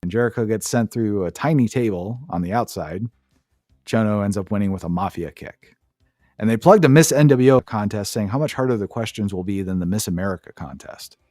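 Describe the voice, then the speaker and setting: A man's voice: fairly low pitch, brisk, darkish tone, no room sound, clean studio sound. A man co-hosting a podcast, giving a sarcastic, profane play-by-play recap in casual chat. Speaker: podcast co-host.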